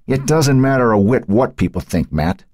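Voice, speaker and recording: A man voicing a calm, firm lawyer who speaks reassuringly, in an audiobook. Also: mid-range voice, normal speed, dry recording, clean studio sound, voice pushed up, lightly acted. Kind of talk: audiobook character voice.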